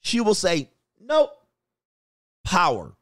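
A man's voice: a little high, lively intonation, moderate pace, no echo, studio quality. A man coaching in a blunt, crude motivational monologue, with short phrases he repeats for emphasis. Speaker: dating and life coach.

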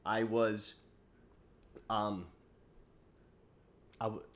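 A man hosting his own podcast, talking casually, swinging between loud hype and low mumbling, with many fillers. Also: flat delivery, extremely slow. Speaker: podcast host. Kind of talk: casual solo podcast monologue.

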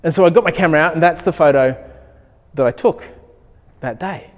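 A man preaching a sermon, telling a personal story in an animated way and acting out his own thoughts. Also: a little high, fairly quick, dull audio. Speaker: pastor. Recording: long hall reverb.

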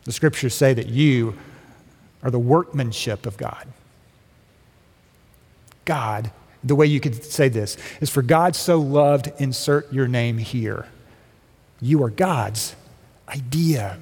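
A middle-aged man preaching a sermon in a church, telling a personal story in a relaxed, joking way. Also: medium pitch, slow, long pauses, husky. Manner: conversational storytelling with humor. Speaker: guest speaker. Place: church sanctuary. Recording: long reverb of a large hall.

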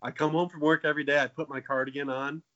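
Podcast co-host, man, late 20s, bright and jokey, lo-fi sound. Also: fairly high pitch, level tone, quick pace. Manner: jokey, profane, playful. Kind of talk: casual comedic chat.

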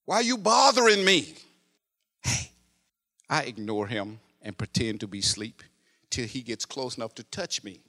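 A male preacher telling a story in a sermon, dropping to a hush, then rising to loud, animated exclamations. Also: mid-range voice, moderate pace. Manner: animated, swinging from hushed narration to loud exclamations.

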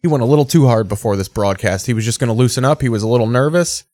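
A man's voice: medium pitch, rapid-fire, a little mellow. A man hosting a casual show, reacting to football broadcast clips with sarcastic, rambling, profane commentary. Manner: sarcastic, rambling, swears freely.

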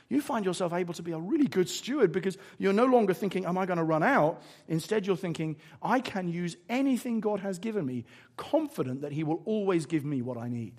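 A man with an English accent preaching a sermon, telling stories and acting out little asides. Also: sits high. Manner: animated storytelling with acted-out asides.

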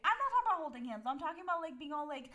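A woman's voice: high voice, sing-song, very fast, bright, forceful tone. A young woman in casual chat with a friend, chatty, laughing often and using lots of fillers.

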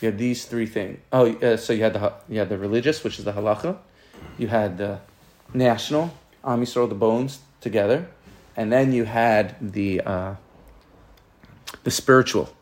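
Man, informal torah class, rambling, restarts a lot, mid-pitched voice. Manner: rambling, repeats words and restarts often. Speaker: Torah teacher.

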